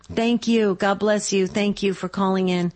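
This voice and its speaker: Casting: woman host of a call-in radio show, encouraging, affirming, mid-pitched voice. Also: steady tone, a little slow, a little mellow.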